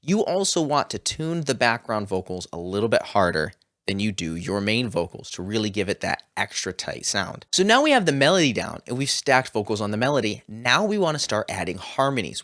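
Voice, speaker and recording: A man's voice: lowish voice, sing-song, fairly quick, a bit bright, no echo. A man hosting a home studio tutorial, explaining his vocal mixing steps in a plain, upbeat way. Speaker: music production tutor.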